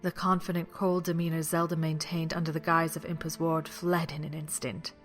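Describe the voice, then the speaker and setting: Man narrating a dark audiobook. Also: a little high, level tone, normal speed, soft background music. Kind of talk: scripted narration.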